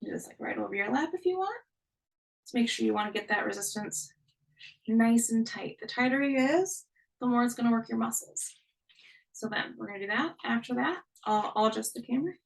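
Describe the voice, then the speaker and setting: A woman's voice: fairly high pitch, lively intonation, brisk, creaky, far from the mic, low-quality recording. A young woman leading a live online workout class, cheering people on and counting down each interval. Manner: upbeat, encouraging, counts down intervals. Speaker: fitness instructor.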